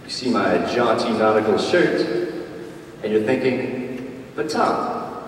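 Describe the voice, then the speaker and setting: A man giving a playful comic speech at a job club, telling a story with animated timing in a large meeting hall. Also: lowish voice, measured pace. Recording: distant echoey hall, faint noise.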